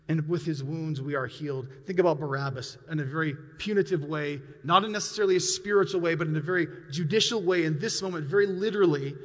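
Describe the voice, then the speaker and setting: Earnest male preacher, somewhat high-pitched, vivid storyteller, booming church acoustics. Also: a bit bright, in a large hall. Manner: earnest, imaginative storytelling, rising for emphasis. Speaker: pastor. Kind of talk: sermon. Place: church sanctuary.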